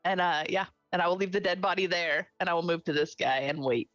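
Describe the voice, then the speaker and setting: Gleeful woman player, mid pitch, casual, dry close mic. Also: brisk, fairly bright tone, no echo, highs cut off, soft background music. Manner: playful and gleeful. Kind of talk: casual tabletop role-play.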